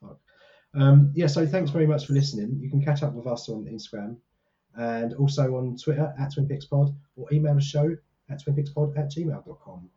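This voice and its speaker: A man's voice: mid-range voice, a little fast, warm tone, muffled recording. A man co-hosting a podcast in casual, jokey, self-mocking chat from a small hot room. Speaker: podcast co-host.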